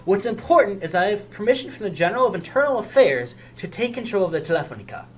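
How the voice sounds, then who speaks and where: A student performing every role in a homemade audio drama, swinging between hushed lines and loud outbursts. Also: medium pitch, sing-song, fast talker, slight background noise, low-quality recording.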